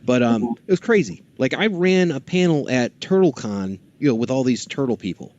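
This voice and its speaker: A man chatting as a podcast guest at a mid-range pitch, telling stories with lively energy. He now and then slips into character voices. The audio is a bit muffled and lo-fi. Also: moderate pace. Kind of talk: casual chat.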